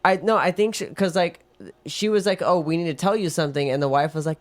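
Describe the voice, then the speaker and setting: A man co-hosting a podcast, casually recapping a film in an animated way, swearing and acting out quotes. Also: fairly high pitch, a little fast. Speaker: podcast co-host.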